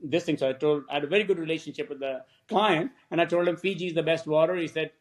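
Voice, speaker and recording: High-voiced animated man telling stories. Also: fast. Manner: animated storyteller who acts out quoted dialogue; laughs often while talking. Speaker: film director guest. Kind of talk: podcast interview storytelling.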